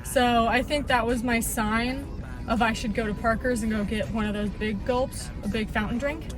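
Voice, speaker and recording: A chatty woman with a high, bright voice vlogs from the bank of a pond. She talks loosely into an action camera, and music sits clearly behind her words. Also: moderate pace. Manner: excitable, chatty, exclaims freely. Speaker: fishing vlogger. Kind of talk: casual outdoor vlog. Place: outdoors by a pond. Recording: windy outdoor camera audio with music.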